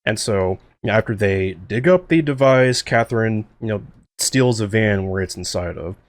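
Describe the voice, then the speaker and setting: This man has a low voice and gives casual director commentary with eager, rambling energy, full of "like" and "you know." The sound is dry and close, with no room around it. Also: moderate pace, no room sound. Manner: excitable, rambling with many fillers. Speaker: series creator and co-host.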